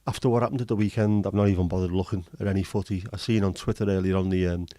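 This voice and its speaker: Joking host, casual swearer, mellow low voice, dry close sound. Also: male voice, fairly even intonation, racing, no room sound. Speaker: livestream host. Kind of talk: casual chat reading viewer comments.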